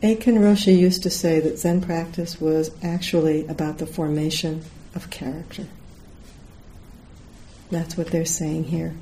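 A woman's voice: deep voice, dark tone, slight background noise, low-quality recording. A middle-aged woman giving a Zen dharma talk, telling a story and acting out the voices of the people in it. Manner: storytelling, acts out quoted voices. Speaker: Zen teacher.

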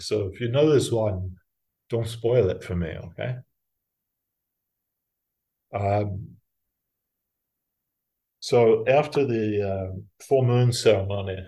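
Middle-aged man, monk's talk, lowish voice, relaxed storytelling, self-mocking, laughs. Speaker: Buddhist monk teacher.

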